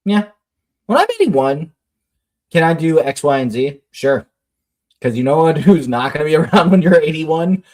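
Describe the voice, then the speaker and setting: A man in his thirties with an American accent, co-hosting a casual podcast and telling expressive stories about his daughters. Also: moderate pace. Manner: expressive storyteller, swings high when quoting, laughs easily. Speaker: podcast co-host. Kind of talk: casual chat.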